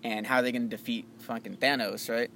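A young man in casual chat about movies, loose and animated, swearing freely and calling his friend dude and bro. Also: medium pitch, fast talker, gravelly, a little hiss or hum.

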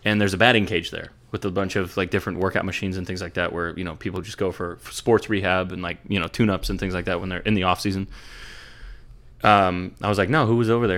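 A man's voice: low voice, a bit bright. A young man hosting a podcast, telling rambling sports stories in casual chat, swearing freely. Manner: profane, rambling storyteller. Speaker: podcast host.

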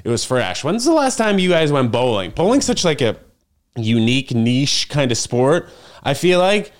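A man's voice: medium pitch, sing-song, normal speed. Rambling young man. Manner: rambling, filler-heavy storytelling. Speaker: podcast host. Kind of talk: casual solo vlog chat. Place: apartment kitchen. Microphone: camera on a refrigerator.

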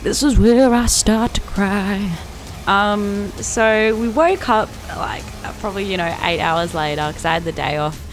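A woman's voice: medium pitch, unhurried, soft background music. A young Australian woman in her twenties telling a story in a casual vlog, chatty and profane, full of likes and laughing asides. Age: 20s.

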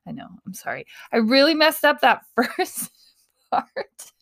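This woman's voice is high, a bit bright, and very animated as she hosts a casual motivational talk. She's playful, quick to laugh at herself, and often drops into breathy whispers.

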